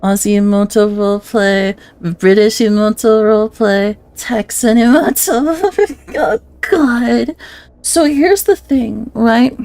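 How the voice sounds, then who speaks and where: A woman's voice: fairly high pitch, slow pace, a little mellow, no echo. A woman streamer chatting casually on a live stream, giggling often, self-conscious and swearing a lot.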